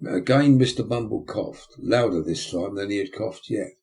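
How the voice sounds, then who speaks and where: Low measured male audiobook narrator. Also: darkish tone.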